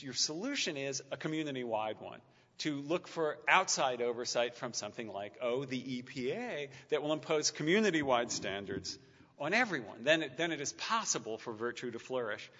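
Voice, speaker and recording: A man with a medium-pitched, sharp voice lectures to an audience and then responds to their questions. His delivery is full of stammered restarts and dry, wry humor, and the recording is muffled by the long reverb of a lecture hall.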